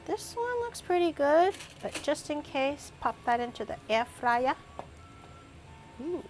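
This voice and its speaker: A woman's voice: sits high, sing-song, slow, a little mellow, faint music behind. A young woman chatting casually on a cooking livestream, thinking aloud and snapping back at her chat. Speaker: cooking streamer.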